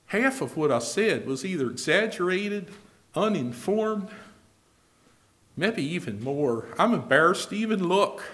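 A man preaching a sermon, swinging between loud declarations and low, quiet asides, and reading scripture in a slow, old-fashioned cadence. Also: very animated.

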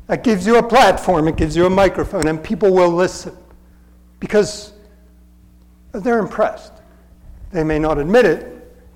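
Guy preaching in a church, pretty high voice, chatty but pushy, keeps hammering the same point. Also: rough recording. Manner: earnest, conversational teaching with emphatic repetition. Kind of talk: sermon.

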